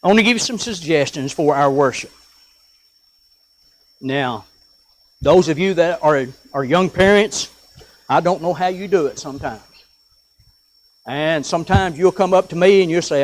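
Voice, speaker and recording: A man preaching a sermon in a church, earnest and emphatic, slowing down to read scripture aloud. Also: on the high side. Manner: earnest, rising and falling with emphasis, reads scripture slowly. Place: church sanctuary.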